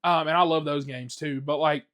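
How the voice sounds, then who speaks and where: Male solo podcaster, blunt and profane, slightly raised pitch, loose chatty delivery. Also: normal speed. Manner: blunt, profane, animated ranting with many fillers. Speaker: podcast host. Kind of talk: casual solo podcast rant.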